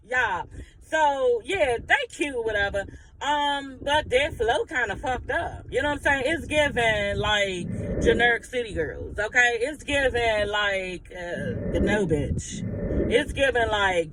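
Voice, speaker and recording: A man's voice: extremely high pitch, lively intonation, a little slow, background noise. A man giving a sassy, blunt, profanity-laced recap of reality TV drama in casual gossip style.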